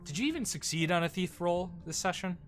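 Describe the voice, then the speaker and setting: A man running a tabletop game as dungeon master, talking casually and haltingly with frequent ums. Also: high voice, lively intonation, a bit bright, soft background music. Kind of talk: tabletop game session chat.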